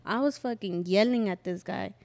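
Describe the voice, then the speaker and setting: Young woman podcast host, casual, animated storyteller with salty language. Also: medium pitch, moderate pace, creaky. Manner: animated storyteller who acts out quotes and swears freely. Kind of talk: casual chat.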